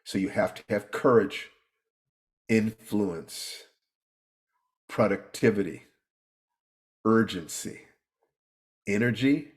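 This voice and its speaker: A middle-aged man teaching his students in an earnest motivational talk, often repeating himself and pleading with them. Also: medium pitch.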